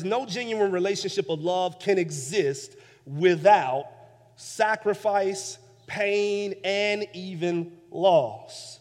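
A man preaching a sermon as pastor, building emphasis through repeated phrases, with swings from soft low passages to loud peaks. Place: church sanctuary. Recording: long church reverb.

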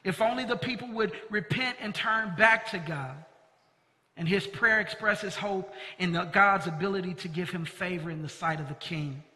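High, bright-voiced male preacher in a reverberant hall. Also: moderate pace. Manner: earnest preaching with emphatic stress on key words. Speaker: pastor. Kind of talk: sermon. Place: church sanctuary. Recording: long reverb of a large hall.

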